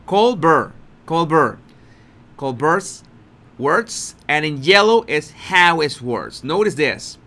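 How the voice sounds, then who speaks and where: Guy doing slow chatty commentary, pitch swings all over, keeps repeating himself. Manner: repetitive, restarts often, animated with laughter. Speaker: video commentator. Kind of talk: casual video commentary.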